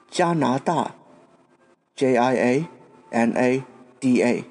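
A man's voice: mid-range voice, slow pace, pauses often, a little mellow. A man from Taiwan, a podcast host giving a patient language lesson and spelling out words letter by letter.

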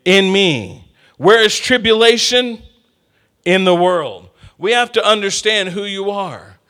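A man's voice: high-pitched, slow. A middle-aged man preaching a sermon, calling out to the congregation and drawing responses. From Texas. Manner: lively, call-and-response with congregation.

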